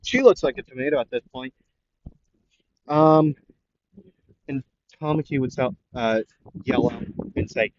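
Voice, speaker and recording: A man's voice: medium pitch, steady tone, unhurried, pauses often, muffled recording, slight background noise. A man improvising a fan story aloud, rambling and hesitant, with many fillers.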